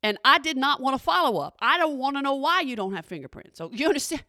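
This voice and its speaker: Animated woman telling funny stories. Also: high-pitched, fast, no echo, clean studio sound. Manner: animated, talks straight to listeners. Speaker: radio host. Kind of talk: comedic storytelling monologue. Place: radio studio. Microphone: studio microphone.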